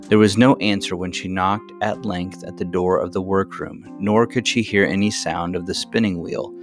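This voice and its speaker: A man narrating a storybook chapter in a measured, unhurried reading manner. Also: low voice. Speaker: audiobook narrator.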